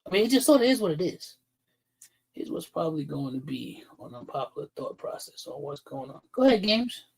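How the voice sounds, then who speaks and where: This livestream host talks straight into the mic, his fairly high voice sing-song, a little fast, husky and edged with vocal fry. Blunt and heated, he swears often and pauses to greet chat viewers by name, all on a rough recording.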